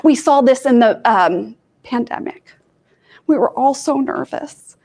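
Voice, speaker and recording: A woman's voice: fairly high pitch, expressive, a little slow, vocal fry, darkish tone. A woman life coach from Kansas giving an informal talk to students, chatty and self-deprecating, with asides to her audience.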